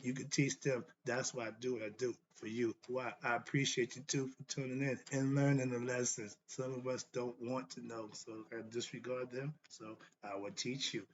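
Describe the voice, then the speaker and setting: A man's voice: mid-range voice, lo-fi sound, slight background noise. A man lecturing on self-knowledge in a blunt, preachy monologue, asking himself questions and answering them. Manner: preachy, repetitive, rhetorical questions; annoyed, blunt. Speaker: host. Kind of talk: philosophy monologue.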